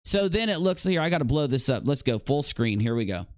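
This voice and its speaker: A man's voice: medium pitch, sing-song, brisk, no echo, faint music behind. A man giving accusatory, sarcastic reaction commentary over a video, with profanity. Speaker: commentary YouTuber.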